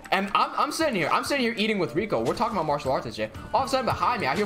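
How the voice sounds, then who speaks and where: A man's voice: high-pitched, very animated, rapid-fire, sharp tone, faint music behind. A young man telling a long personal story while streaming a game, swearing often and acting out the quotes.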